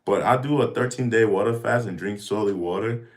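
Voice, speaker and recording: A very deep-voiced man in his thirties chats casually with viewers in a livestream Q&A. He talks emphatically, circles back and repeats his points, and keeps slipping into jokes. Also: a little fast. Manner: emphatic, repetitive, joking, with bursts of mock voices. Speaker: fitness streamer answering viewer questions.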